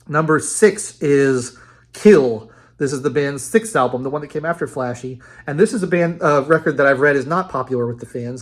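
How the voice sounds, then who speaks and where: A man casually ranking a band's albums in a rambling, enthusiastic monologue, with many fillers and restarts. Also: medium pitch. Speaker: music reviewer.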